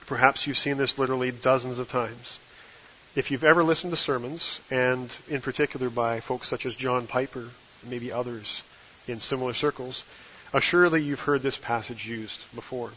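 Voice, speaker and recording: A man preaching a measured, emphatic sermon. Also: medium pitch, sharp tone, muffled recording. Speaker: guest preacher.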